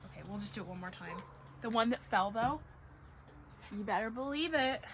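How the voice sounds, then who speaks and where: A woman's voice: fairly high pitch, animated, a little fast, a bit bright, slight background noise. A woman giving a casual tarot reading to camera, emotional and gushing, close to tears at times, with dogs barking in the background. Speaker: tarot reader.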